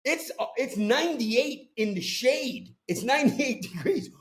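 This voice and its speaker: A man from Brooklyn with a thick New York accent holds court on a podcast mic, riffing in a loose, streetwise rant. His voice sits high for a man, and he talks like he is telling stories to friends. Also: a little slow. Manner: animated ranting storyteller, streetwise. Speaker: podcast host. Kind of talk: casual chat. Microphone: podcast microphone.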